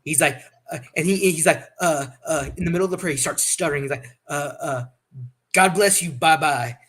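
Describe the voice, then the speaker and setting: A man's voice: on the high side, a little fast, a bit bright, breathy edge. A man hosting a casual chat, telling rambling stories with many restarts. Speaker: host.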